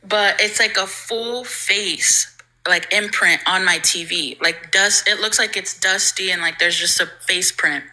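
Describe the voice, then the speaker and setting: A woman's voice: medium pitch, unhurried, sharp tone, poor audio. A young woman casually telling a ghost story on a livestream, chatty and full of "like", acting out the people she quotes.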